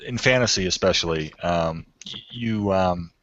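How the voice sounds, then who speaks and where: A man's voice: low voice, moderate pace, a bit bright. A man, the author being interviewed, speaking thoughtfully and correcting himself as he goes, with easy laughs. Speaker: author and guest. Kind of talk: podcast interview chat. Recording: dull, dry lo-fi audio.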